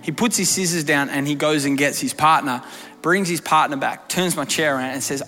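A man preaching a story-driven sermon in a large church hall, emphatic, shifting between quiet and loud. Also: a little high, a little fast. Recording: long hall reverb with faint music.

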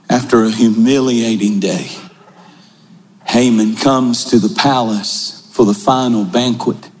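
A male pastor preaching a sermon in a large church, building to shouts and slowing for dramatic pauses. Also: mid-range voice. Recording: large hall reverb with faint music.

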